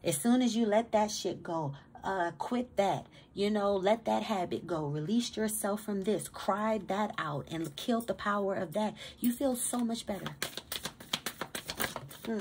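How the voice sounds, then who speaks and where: A woman gives a tarot reading straight to her viewers in a mid-pitched voice. She talks with loud, streetwise emphasis, swearing freely and stumbling over repeated words. It comes across as a preachy pep talk, with a faint hiss under the voice. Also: unhurried. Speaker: tarot reader. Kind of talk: casual tarot reading to camera.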